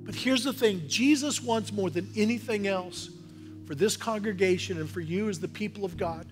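High-voiced earnest male preacher. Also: normal speed, faint music behind. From Oklahoma, USA. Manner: earnest, conversational preaching that builds to forceful exhortation. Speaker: pastor. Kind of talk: sermon. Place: church sanctuary.

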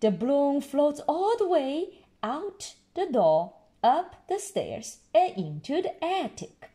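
A woman reading a picture book aloud to a child, gently explaining words along the way. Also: high voice, very animated, slow pace. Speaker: storyteller.

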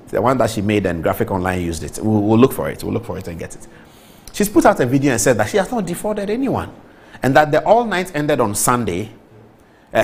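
A man with a Ghanaian accent hosting a TV news show from the studio, talking in a joking, animated way and repeating himself. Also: mid-range voice, slightly rough. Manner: animated, joking, repeats words, mimics French phrases. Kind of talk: casual studio commentary.

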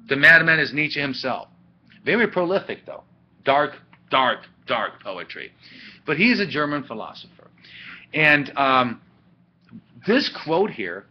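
A man teaching an ethics class in a chatty, animated way, with asides and laughs, recorded on a webcam. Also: fairly high pitch, unhurried. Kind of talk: classroom lecture. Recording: dull lo-fi webcam audio.

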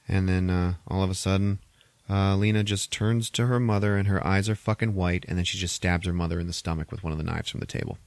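A man's voice: low voice, fairly even intonation, quick pace, a little mellow, dry recording. A man hosting a podcast, retelling a film plot in a rambling, profane, casual way full of filler words. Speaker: podcast host. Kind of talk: casual movie recap.

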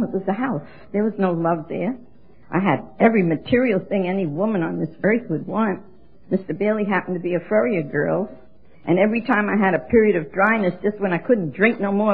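A woman in her seventies from New York, telling her story as a speaker at a recovery meeting in an auditorium, with lively exclamations. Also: mid-range voice, vocal fry, breathy edge. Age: 70s. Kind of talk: recovery talk to an audience. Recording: dull lo-fi recording.

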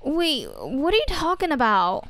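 A woman's voice: sits high, big pitch swings, unhurried, fairly bright tone, dry recording, full character voice. A woman voicing a bewildered teenage schoolgirl who stammers out her protests. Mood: confused.

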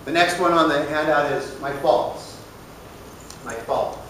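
A man's voice: on the high side, a little slow, fairly bright tone, a little hiss or hum. A man casually teaching a church recovery group, plain-spoken, often asking the room questions. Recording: echoey room, voice from far off.

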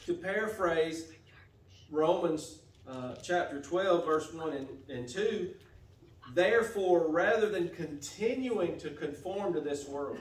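Pastor guy preaching, kinda high voice, repeats himself a bit, sounds far off in a big echoey church. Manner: steady preaching with repeated phrases and slight restarts. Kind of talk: sermon. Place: church sanctuary.

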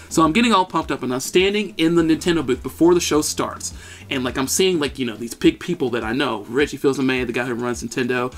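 A man in his thirties co-hosting a podcast, telling a story in an animated, excitable way. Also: mid-range voice, quick pace. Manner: animated, excitable, shouts at peaks. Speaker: podcast co-host. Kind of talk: casual storytelling chat.

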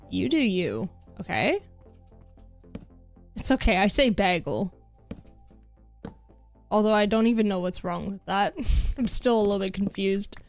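A Canadian woman streaming a game, chatting casually with her viewers and reading their messages aloud. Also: medium pitch. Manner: chatty, reads chat aloud, laughs easily. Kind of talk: casual chat while gaming.

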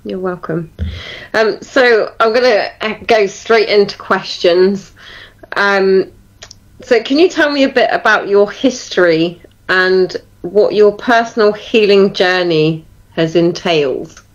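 A woman's voice: medium pitch, muffled recording. A woman hosting an interview show, welcoming her guest and asking questions with hesitant ums. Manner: slow, hesitant with frequent ums. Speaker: host.

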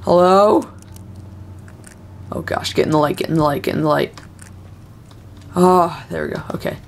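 A woman's voice: sits low, moderate pace, vocal fry, slight background noise. A young woman doing nervous, self-talking commentary while playing a horror game. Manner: nervous, talks to herself and the game. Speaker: gamer.

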